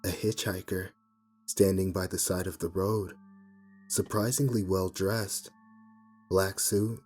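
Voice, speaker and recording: A man narrating a scripted first-person horror story in a measured telling. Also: low-pitched, a little mellow. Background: faint music.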